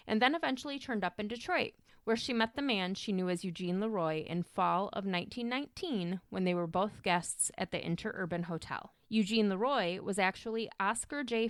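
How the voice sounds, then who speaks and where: Young woman podcaster, chatty true crime storytelling, smooth clear voice, dry close sound. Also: mid-range voice, no room sound. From Michigan. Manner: chatty, swears, goes off on tangents. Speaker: podcast host.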